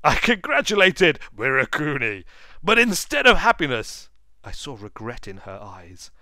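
A man's voice: fairly high pitch, huge pitch swings, a little slow, bright, forceful tone, no echo, exaggerated voice. A man voicing a proud Victorian naturalist explorer, reading the game's story text in a grand, storybook manner over faint game music. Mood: grandiose.

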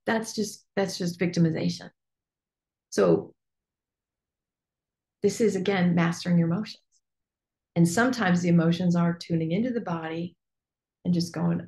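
A woman's voice: on the low side, normal speed, pauses often, warm tone. A woman coach hosting a group call, talking casually and candidly, laughing often and swearing lightly. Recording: echoey room.

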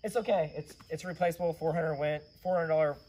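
Hoarse male vlog host, slightly high, animated rambling delivery. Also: fast. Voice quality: raspy. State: hoarse from yelling. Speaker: channel host, custom car builder. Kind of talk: casual vlog storytelling.

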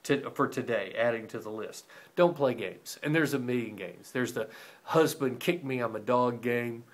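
A middle-aged male pastor gives a devotional teaching in a mid-range voice at normal speed. He tells stories in a lively, animated way, acting out the voices of the people in them.

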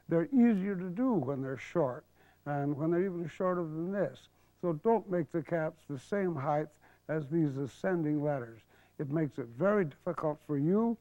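An older man, a calligraphy teacher, giving a patient televised lesson and murmuring softly while he writes. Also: a little high, dry recording. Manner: patient, explanatory, drops to a murmur while writing. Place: studio. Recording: dull 1970s broadcast TV audio.

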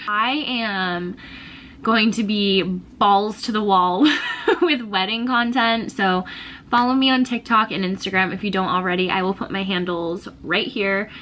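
A woman's voice: medium pitch, steady tone, unhurried, fairly bright tone, slight background noise. A young woman telling a personal story in a casual, gushing vlog, often laughing and emotional. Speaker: vlogger.

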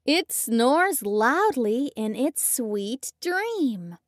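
A woman reading a children's picture book aloud, slow and bright, with playful animal sounds. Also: fairly high pitch, big pitch swings, no room sound, clean studio sound. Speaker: story reader.

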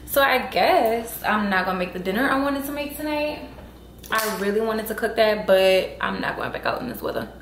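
Woman vlogger, mid-pitched, exasperated and emphatic, recorded in a room with echo. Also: very animated, moderate pace, gravelly, slight background noise. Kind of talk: casual vlog talk to camera. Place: at home indoors.

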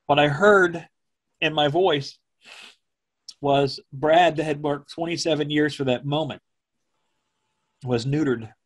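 A middle-aged man, a former television meteorologist, recalling events in a slow, measured way that turns emotional. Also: a little high. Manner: slow, measured, speaking from the diaphragm. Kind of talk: emotional personal recollection.

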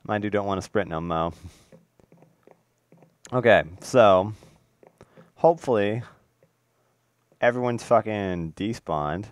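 A young man talks through his game session in loose, excitable commentary, his pitch leaping up and down as he swears and coos at the animals on screen. The sound is close and dry, with no room around it. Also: normal speed, long pauses, dry recording. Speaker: gaming video host.

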